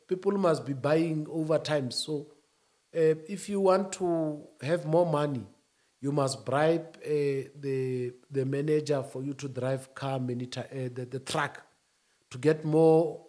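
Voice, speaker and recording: A man speaking as a union-leader guest, emphatic, rising to shouts and then dropping low. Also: slow pace. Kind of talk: animated interview talk.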